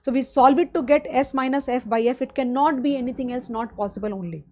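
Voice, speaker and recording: A woman's voice: high-pitched, fast talker. A middle-aged woman with an Indian English accent, giving a live online finance lecture and talking students through each step. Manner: explains step by step, addresses students as guys. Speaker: finance exam teacher. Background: loud drums of a street festival.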